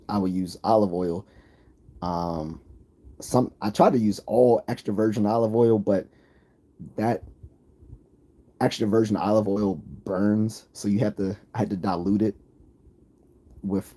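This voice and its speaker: A man's voice: fairly low pitch, warm tone, breathy edge. A man with an East Coast accent, chatting casually on a livestream, rambling and opinionated as he answers viewer comments. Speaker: livestream host.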